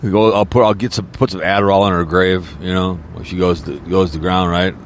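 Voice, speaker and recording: A man's voice: low-pitched, fairly even intonation, a little fast, a little hiss or hum. A man podcaster in a rambling, crude and mocking casual rant, talking from a car. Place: in a car, snowy weather.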